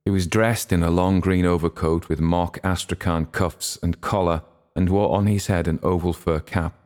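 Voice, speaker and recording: Deep-voiced male audiobook narrator. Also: darkish tone. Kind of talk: audiobook reading.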